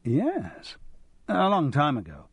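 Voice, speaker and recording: A middle-aged English actor, pleased with himself and fond of showing off, his words coming with mock modesty and a lively, swooping delivery, as a narrator takes him on. The voice stays slightly husky and dry. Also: a little high, slow, no room sound, pitched above the performer's own voice, heavily acted. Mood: modest. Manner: self-deprecating charm.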